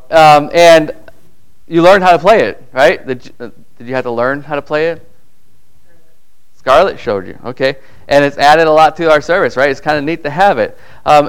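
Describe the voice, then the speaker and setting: Middle-aged male pastor, smooth clear voice, conversational sermon in a church, acts out quoted voices. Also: mid-range voice.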